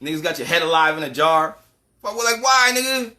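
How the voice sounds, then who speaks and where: A man's voice: a little high, lively intonation, brisk, bright, forceful tone. A man giving a casual, profane monologue as a channel host, ranting animatedly and laughing often.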